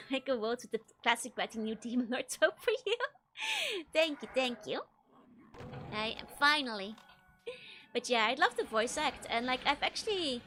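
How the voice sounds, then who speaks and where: A woman's voice: fairly high pitch, sharp tone. A young woman with a Dutch accent, chatting casually while streaming a game and laughing often between sentences. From Netherlands. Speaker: VTuber streamer. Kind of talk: casual gameplay chat with chat readers.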